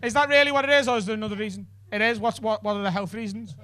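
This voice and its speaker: A man's voice: high voice, steady tone, rapid-fire, noisy background. A man doing stand-up, bantering with the crowd in a cheeky, sweary way on a comedy club stage.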